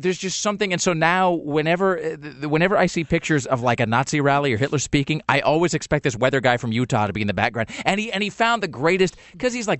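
A male radio host tells wandering stories full of restarts and dry, sardonic jokes. His pitch swings widely as he talks. The sound is close and dry, with no room around it. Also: a bit bright, no echo. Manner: rambling storyteller with lots of fillers and restarts; sardonic, joking. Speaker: radio talk show host. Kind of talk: casual talk radio banter.

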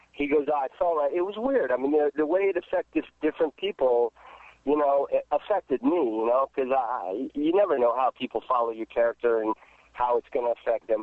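A man's voice: mid-range voice, no echo. A man who is an actor, answering interview questions in a rambling, casual way with many restarts and fillers. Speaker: actor guest. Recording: dry tinny phone line.

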